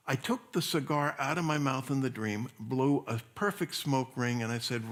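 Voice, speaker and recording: A man's voice: mid-range voice, normal speed, few pauses. A man who is a pastor, preaching a sermon in a conversational, storytelling way, often restarting and repeating words.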